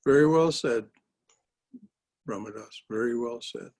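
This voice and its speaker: A man with a husky voice leads a spiritual discussion class. He speaks in a measured, affirming way and pauses often to search for words. He is heard over a video call. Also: mid-range voice, darkish tone. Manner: affirming, measured and hesitant with fillers. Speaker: class leader.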